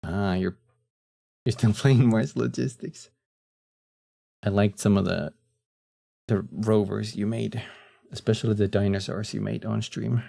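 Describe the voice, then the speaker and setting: A man streaming casually, relaxed and chatty, who laughs often, trails off into fillers and answers his chat. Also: lowish voice, measured pace, creaky, long pauses. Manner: reads chat messages aloud and answers them.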